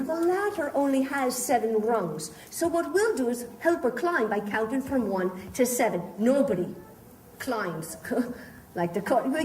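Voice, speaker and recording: Her voice sits a little high with a darkish tone as she theatrically runs a pirate-themed participation show for a live audience, affectionately calling volunteers love and darling. The audio is echoey and far away, with faint crowd and noise.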